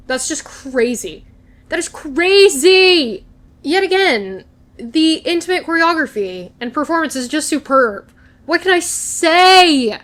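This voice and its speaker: A young woman chatting casually in a TV recap vlog, gushing and animated, laughing and swearing often. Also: high-pitched, unhurried. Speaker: recap vlogger. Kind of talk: casual chat, excited TV recap.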